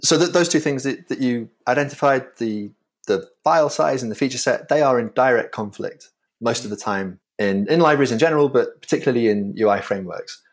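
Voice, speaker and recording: A man with a Yorkshire English accent talks through a technical idea on a podcast. He explains carefully, pausing and restarting now and then, at an ordinary middle pitch. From England. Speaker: guest, framework creator.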